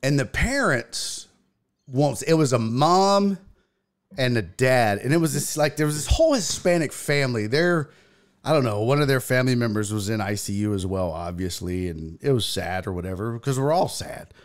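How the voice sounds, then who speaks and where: A man hosting a podcast, telling a story in casual chat, profane and animated. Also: normal speed. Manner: animated, profane, acts out quotes in a loud high voice. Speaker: podcast host.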